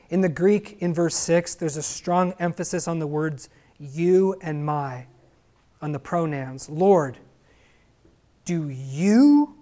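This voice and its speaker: A man preaching a sermon, putting stress on his words, slowing on key phrases and putting questions to his listeners. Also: a little high, a little mellow. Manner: emphatic, asks the listeners rhetorical questions.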